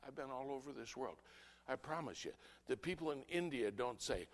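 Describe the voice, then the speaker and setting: A man, a pastor, preaching an impassioned sermon that swings between loud outbursts and low, earnest asides. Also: lively intonation, moderate pace. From United States.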